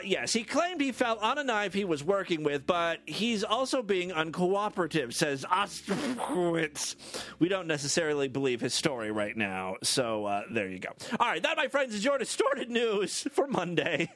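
A man's voice: fairly high pitch, fairly bright tone. A man hosting a comedy podcast, reading odd news stories with jokey asides and frequent laughs. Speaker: podcast host.

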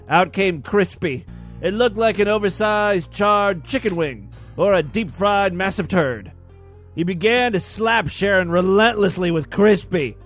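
A man's voice: sits high, unhurried, faint music behind. A man hosting a podcast and reading a story in a mock-dramatic, solemn narrating voice. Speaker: podcast host.

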